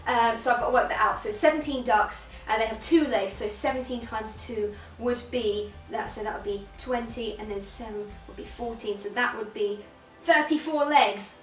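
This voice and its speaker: A young British woman with a fairly high voice leads a drama warm-up, upbeat and instructive. She sits back from the mic in an echoey room. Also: moderate pace, far from the mic. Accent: British English. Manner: upbeat, instructive, playful vocal sounds. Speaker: drama teacher. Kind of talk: guided warm-up lesson.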